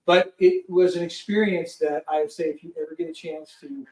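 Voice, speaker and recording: Man, high voice, animated storyteller, acts out quotes, swears freely, distant mic, echoey room. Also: brisk, vocal fry. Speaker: guest, film producer. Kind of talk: casual storytelling. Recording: roomy sound from a distant mic.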